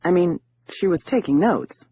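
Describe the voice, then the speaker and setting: A man reading an audiobook, voicing a sharp, businesslike young female con artist in a somewhat raised voice. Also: sits high, expressive, moderate pace, dull audio, a little hiss or hum, pitched above the performer's own voice. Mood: matter-of-fact.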